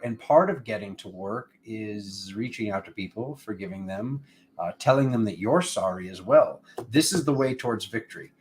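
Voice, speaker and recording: A man with a fairly low voice gives a casual tarot reading, chatty and wandering. He jokes, breaks off into asides to people in the room, and now and then calls on cosmic forces in an incantatory tone. A faint hiss sits under the recording. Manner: rambling and playful, with asides to people off camera. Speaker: tarot reader.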